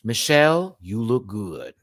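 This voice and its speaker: A man hosting a live-stream review, chatting casually and swinging from loud outbursts to muttered asides. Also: on the low side, huge pitch swings, a little slow. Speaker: YouTube reality TV reviewer.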